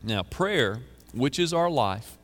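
A man's voice: medium pitch, animated, slow pace, a bit bright, big-room sound, faint music behind. A man preaching a sermon as pastor, earnestly reading psalms aloud with emphasis and conversational asides. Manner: conversational asides, repeats phrases.

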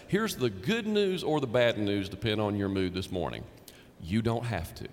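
A man's voice: on the low side, very animated, moderate pace, big-room sound, slight background noise. A man, a pastor, preaching a sermon in a conversational way with emphatic repetition.

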